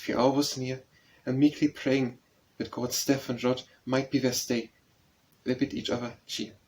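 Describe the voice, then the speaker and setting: Male audiobook narrator, mid-pitched, solemn verse reading. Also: little pitch movement, measured pace, darkish tone, poor audio. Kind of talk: reading a narrative poem aloud.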